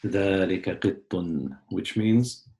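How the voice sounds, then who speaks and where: A man teaching a class, patiently explaining words step by step and often clearing his throat. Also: sits low, steady tone, slow pace, darkish tone, roomy sound. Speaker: Arabic teacher. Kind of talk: online class lesson.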